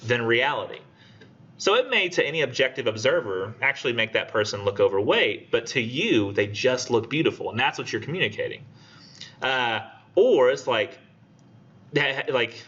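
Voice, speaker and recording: A man teaching a college literature class in a casual, animated way, acting out quoted lines. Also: medium pitch. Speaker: college English instructor. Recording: dull lo-fi classroom recording.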